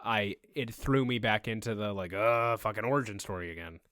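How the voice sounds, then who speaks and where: A man's voice: lowish voice, fairly quick, fairly bright tone, clear, resonant tone, dry recording, studio quality. A man co-hosting a podcast in casual, laid-back chat, joking now and then. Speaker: podcast co-host.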